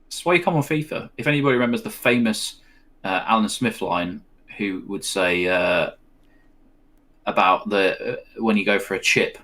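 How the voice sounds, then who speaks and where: A man with a lowish, pushed, bright voice co-hosts a casual live football watch-along. He mixes play-by-play with rambling chat, chatty and full of fillers and laughs.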